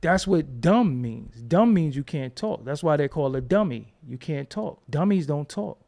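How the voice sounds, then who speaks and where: A man's voice: fairly high pitch, expressive, unhurried, creaky, a little mellow. A man hosting his own channel, talking in a casual, profane, rambling monologue and acting out quoted voices as he tells stories. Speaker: host.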